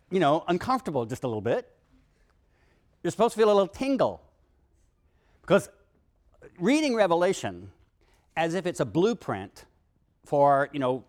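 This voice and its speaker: Animated male lecturer with a lively voice. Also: a little high. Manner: animated, leads the class in chanting then explains. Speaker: university lecturer. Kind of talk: classroom lecture.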